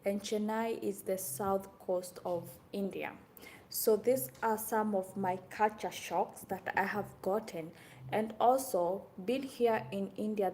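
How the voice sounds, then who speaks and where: A young woman from Kenya chatting to camera in a casual vlog, animated and exclaiming often. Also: medium pitch, a little hiss or hum. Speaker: vlogger.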